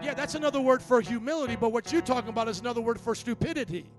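A man preaching a lively, sassy sermon as pastor, calling out to the congregation. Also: extremely high pitch, quick pace, over music.

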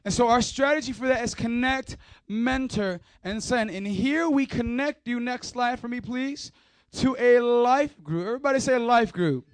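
A man's voice: extremely high pitch, normal speed, no echo. A man leading a church service as pastor, joking and playful, firing up the crowd into a mic. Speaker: youth pastor. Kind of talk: energetic church service talk. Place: church hall.

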